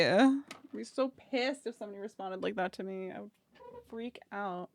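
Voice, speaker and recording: A woman's voice: medium pitch, normal speed, vocal fry, dry recording. A woman streamer chatting casually with her viewers, swearing freely and laughing often.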